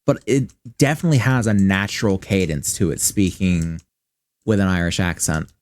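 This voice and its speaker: In a dry recording, a low-voiced man talks at normal speed. He's a Michigan native with a general Midwestern American accent, casually narrating his game stream in a meandering, expletive-heavy, thinking-aloud way.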